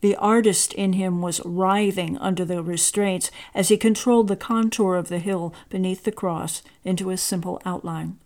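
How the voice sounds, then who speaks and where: A woman reading a story aloud in a measured, expressive narrating voice. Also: fairly low pitch.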